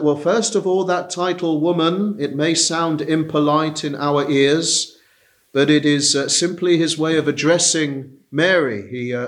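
A man delivers an expository sermon in a somewhat raised-pitch voice. He speaks deliberately, stopping often with small hesitations as he unpacks each phrase. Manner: measured, deliberate, with frequent "uh" pauses. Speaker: preacher.

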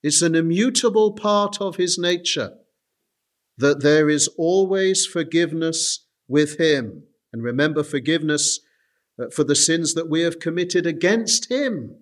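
A man's voice: a little high, lively intonation, a little slow. A man preaching a sermon in an earnest way, addressing his listeners as dear friends, with frequent hesitations.

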